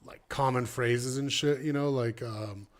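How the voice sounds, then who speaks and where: A man in a casual podcast chat, telling stories in a profane, animated way and acting out what other people said. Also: medium pitch, measured pace. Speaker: podcast participant.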